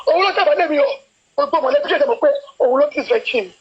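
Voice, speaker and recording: Nigerian woman in tears, quick and high-pitched, emphatic; muffled phone sound. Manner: defiant, emphatic, repeats herself. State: crying. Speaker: mother speaking on a livestream. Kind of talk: emotional livestream speech. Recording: dull livestream audio.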